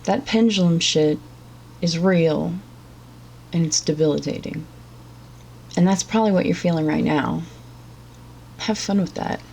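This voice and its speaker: A woman's voice: sits low, moderate pace, creaky, long pauses, darkish tone, slight background noise. A woman giving blunt, profane and sarcastic reaction commentary as a vlogger.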